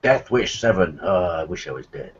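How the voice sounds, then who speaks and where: A man's voice: sits low, expressive, moderate pace, husky. A man co-hosting a casual group chat, joking and rambling. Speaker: podcast co-host. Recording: dull lo-fi stream audio.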